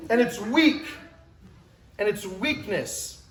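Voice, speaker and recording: A man's voice: expressive, takes it slowly, long pauses, reverberant, poor audio. A man in his forties giving a motivational talk, emphatic and acting out little scenes as he speaks. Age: 40s. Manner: emphatic, acts out scenes with rising pitch and shouts.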